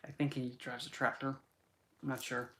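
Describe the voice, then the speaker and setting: A man's voice: medium pitch, level tone, normal speed, noisy background. A man hosting a casual livestream Q&A, rambling and often restarting his sentences. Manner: rambling, with frequent restarts and asides. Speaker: livestream host.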